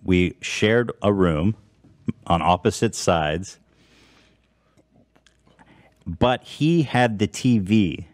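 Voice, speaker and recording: Casual male host, thirties, low voice, animated storyteller who laughs easily. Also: very slow, pauses often, no room sound, clean studio sound. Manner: laughs often, animated retelling with put-on quotes. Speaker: podcast host.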